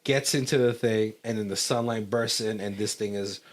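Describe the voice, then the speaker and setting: This podcast co-host has a lowish, steady voice and speaks at normal speed while loosely recapping a film's plot. His commentary wanders, with frequent pauses to find the right word and bursts of laughter in between.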